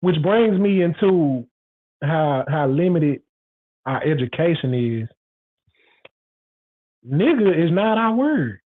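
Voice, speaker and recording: High-voiced man with tinny phone-like sound. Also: very animated, slow, long pauses. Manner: rambling, repetitive, frank and emphatic. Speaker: show host. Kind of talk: casual monologue.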